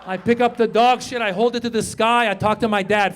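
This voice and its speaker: A middle-aged man from Iran works a comedy club stage through a handheld mic with a high, excitable voice. He acts out little scenes in other people's voices and shouts his punchlines. A faint room hum sits under the set. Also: fairly quick, few pauses. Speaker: stand-up comedian.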